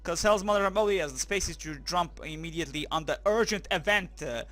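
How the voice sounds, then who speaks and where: A man giving crude, joking, excitable commentary while playing a video game, now and then crying out German phrases. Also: on the high side, brisk, no echo. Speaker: gaming commentator. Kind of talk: let's play commentary.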